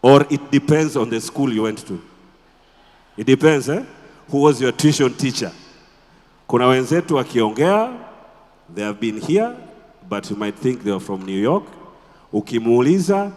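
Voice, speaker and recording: A man with a Tanzanian accent giving a conference talk as a radio presenter, animated and quizzing the audience with rhetorical questions. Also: mid-range voice, a little slow, in a large hall. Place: conference hall.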